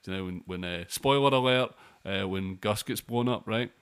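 A man's voice: fairly low pitch, moderate pace, fairly bright tone, clear, resonant tone. A young man co-hosting a podcast, rambling and swearing through casual film talk. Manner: rambling, sweary, lots of restarts. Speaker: podcast co-host.

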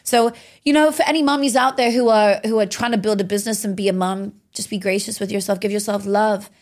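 Woman, 30s, from the UK; energetic motivational speaker giving a podcast interview, emphatic delivery. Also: medium pitch, fast. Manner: energetic, emphatic, swears freely.

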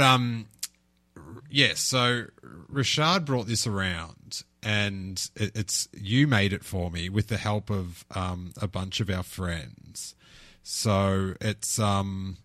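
Halting low-voiced man chatting. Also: sharp tone, no room sound. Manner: halting, restarts a lot, laughs easily. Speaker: podcast host. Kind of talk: casual chat.

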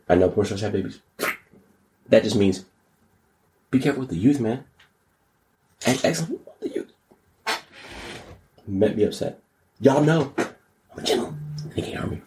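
A man riffs through the news as a podcast host. His pitch swings widely and he keeps breaking into high mocking voices. The talk is loose and full of slang. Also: dark tone. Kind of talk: casual comedic commentary.

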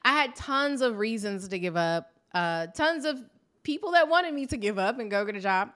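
A woman's voice: on the high side, animated, normal speed, a bit bright. Earnest, self-repeating businesswoman. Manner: earnest, repeats words, laughs often. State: tearful, emotional. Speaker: business owner and podcast guest. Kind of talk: casual interview conversation.

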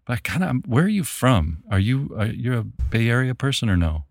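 A man from Memphis hosting a podcast, talking in a relaxed, rambling way with many restarts. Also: mid-range voice, fairly quick, gravelly, slight background noise. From Memphis, Tennessee, US. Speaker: podcast host. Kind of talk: casual conversation.

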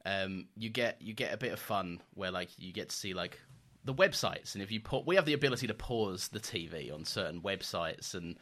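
A man chatting on a podcast with a bright, forceful tone. His voice sits low but swings widely as he talks. He curses casually and breaks into laughter a lot. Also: brisk. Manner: animated, swears, laughs often. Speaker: podcast co-host. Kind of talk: casual chat.

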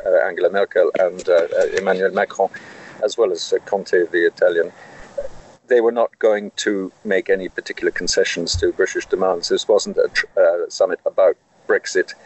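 A man answering interview questions in a measured way, often pausing and restarting as he explains. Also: sits low, flat delivery, a little mellow, a little hiss or hum, low-quality recording. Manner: measured, with frequent hesitations. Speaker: correspondent in France.

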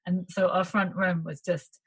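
A chatty woman with a husky, slightly low voice tells anecdotes in relaxed conversation. She laughs easily and slips into quick impressions of herself. The sound is close and dry, with no room around it. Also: no room sound, rough recording. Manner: chatty, laughs often, acts out quotes. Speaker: actress guest. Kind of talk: casual chat.

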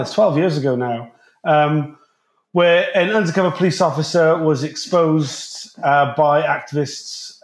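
A man's voice: on the high side, reverberant. A man, a podcast guest, explaining casually with rambling restarts and casual swearing.

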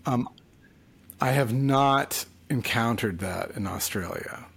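A sleepy man talking casually late at night as a podcast co-host, halting and trailing off. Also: medium pitch, creaky, a bit bright, breathy edge. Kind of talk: casual chat.

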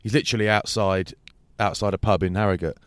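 Brief: podcast host, low-pitched, slangy storyteller, dry close sound. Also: male voice, steady tone, fast, clean tone, no echo. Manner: rambling storyteller, swears, slangy. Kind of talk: casual anecdotal chat.

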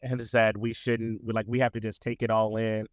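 A young man talking as a podcast guest in a relaxed, rambling way, full of fillers. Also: fairly low pitch, fairly quick, dry recording. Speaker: tutoring business owner, guest. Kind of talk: casual interview conversation.

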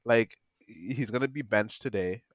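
A man's voice: fairly low pitch, measured pace, dry recording. Brief: male podcast co-host, casual and emphatic, laughs easily, dry close mic. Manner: animated, emphatic, laughs often. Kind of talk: casual football chat.

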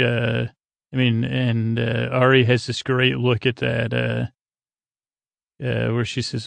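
Gravelly rambling podcast host. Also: male voice, mid-range voice, completely flat delivery, slow, dry recording. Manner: rambling, many fillers and restarts. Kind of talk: casual episode recap.

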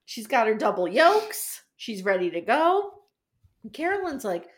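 Woman podcast co-host, high and lively, laughs often and acts out characters. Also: normal speed. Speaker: podcast co-host recapping a TV episode. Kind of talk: casual comedic recap chat.

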